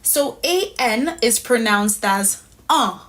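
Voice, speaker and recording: A language teacher walks through a pronunciation lesson step by step, patient and methodical, often checking in with "right?" Her voice is a little high, animated, and fairly bright, and she speaks slowly.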